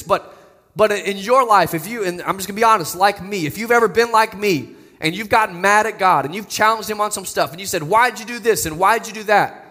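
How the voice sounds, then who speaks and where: In a large hall, a pastor preaches earnestly and conversationally, repeating words often as he speaks. His voice sits high, with a bright, forceful tone.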